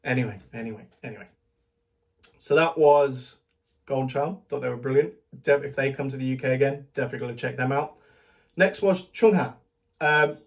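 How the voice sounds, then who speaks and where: A British man talks his way through a casual recap, rambling and chatty. He laughs between thoughts and trips over the start of his sentences. His voice sits at an ordinary middle pitch for a man. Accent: British English. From Britain. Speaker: vlogger. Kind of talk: casual spoken festival recap.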